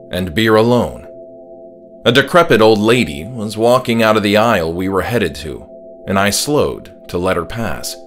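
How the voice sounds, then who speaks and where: A man reading his own horror story aloud, narrating in the first person with an expressive storytelling cadence. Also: lowish voice.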